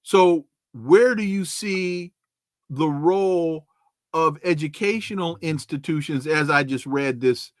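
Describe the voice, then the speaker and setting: A man from California hosting an interview podcast, asking long, deliberate questions with stammered restarts. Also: a little high, dry recording, clean studio sound. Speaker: podcast host.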